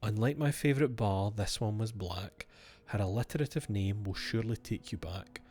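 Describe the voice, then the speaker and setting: Give me a man streaming a game, reading notes aloud in a fairly low voice and musing to himself. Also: normal speed, darkish tone. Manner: wry asides and musing to himself between readings.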